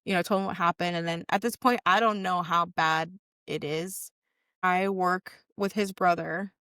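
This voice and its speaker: With a lowish, slightly bright voice, fairly even intonation, and normal speed, a young woman guests on a podcast. She tells a personal story candidly in casual chat, cursing freely and voicing people's quoted lines, recorded in clean studio sound with no echo.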